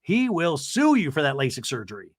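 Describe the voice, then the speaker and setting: A snarky man hosts a comedic TV recap with theatrical, mock-dramatic flair. His pitch swings widely as he talks. The sound is dry and close to the mic. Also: huge pitch swings, fairly quick, dry recording. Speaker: podcast host.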